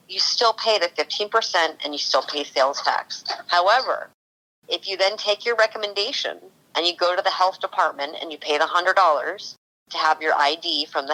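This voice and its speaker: Speaking in a sharp, fairly low voice over a rough recording, this woman from California tells stories with gusto during a relaxed podcast interview. She works as the cannabis consultant for a TV show.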